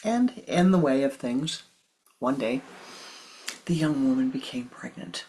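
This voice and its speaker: A spiritual teacher giving a sermon and telling a story slowly and softly, at times in a whisper. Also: mid-range voice, lively intonation, slight background noise, low-quality recording. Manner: slow, soft, partly whispered.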